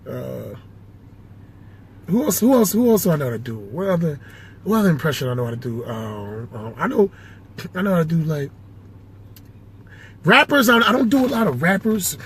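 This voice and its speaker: For a casual vlog, a man sits in his car trying out impressions, rambling to himself and swearing frequently. He's an amateur impressionist whose voice runs on the high side, sing-song and slightly bright with a breathy edge, at a moderate pace with frequent pauses.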